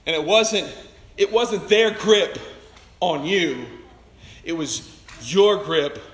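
A male pastor delivering a sermon, his voice pitched high for a man. He is emphatic and dynamic, swinging between ringing declarations and hushed, intimate asides. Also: slow. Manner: emphatic, swinging from loud to soft.

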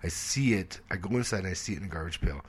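A man in his forties telling stories in a casual interview, animated and swearing freely, acting out the people in his stories. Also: deep voice, fast, slightly rough. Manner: animated storyteller, acts out quoted voices, swears freely. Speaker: comedian guest.

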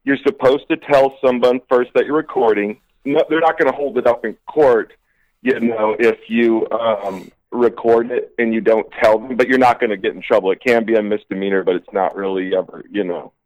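A man's voice: medium pitch, fairly even intonation, moderate pace, highs cut off. A man telling a long story about a clash at work in casual chat, acting out what each person said and often saying "sure enough". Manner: rambling, repeats "sure enough", acts out quotes.

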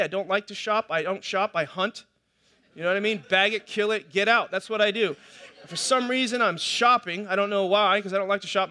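Middle-aged male pastor, high bright voice, chatty sermon storyteller who often restarts. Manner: conversational storytelling, with many restarts and repetitions.

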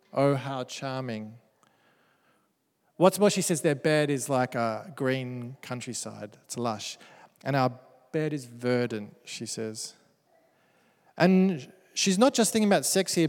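A man's voice: on the high side, darkish tone. A man preaching a sermon who reads verses aloud and breaks into playful, joking asides. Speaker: pastor. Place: church hall. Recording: church hall with long reverb.

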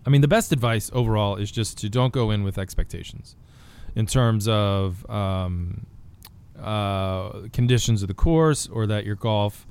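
A man's voice: on the low side, unhurried, a little mellow, clear, resonant tone. A man talking as a guest author in a casual podcast chat, joking and rambling with restarts.

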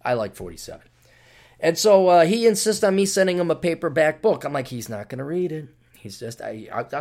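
Man from the US, podcast host, rambling sarcastic rant, somewhat high voice, very lively swooping pitch. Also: moderate pace. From United States. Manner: rambling, mock-ranting and sarcastic. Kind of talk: casual podcast monologue.

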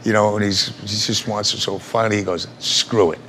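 Here the older male actor talks fast in a lowish, fairly flat voice with a slightly bright edge. Some background noise is audible as he laughs through rambling, salty anecdotes in the interview.

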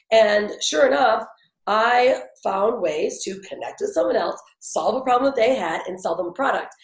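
A woman in her forties telling her life story in an interview, chatty and animated, with many fillers and restarts. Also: medium pitch, roomy sound. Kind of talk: conversational storytelling.

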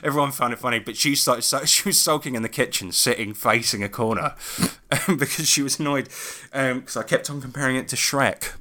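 Bright-voiced man, laughing podcast storyteller. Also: mid-range voice, fairly quick, few pauses. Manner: swearing, laughing storyteller with frequent restarts. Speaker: podcast co-host and game master. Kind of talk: casual podcast chat.

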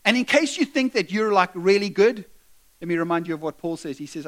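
A man's voice: high voice, brisk. A man pastor giving a conversational sermon, putting questions to the congregation.

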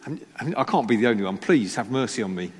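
This pastor talks fast in a husky, mid-range, expressive voice. Preaching in an echoey church hall, he jokes about himself and asks the congregation rhetorical questions.

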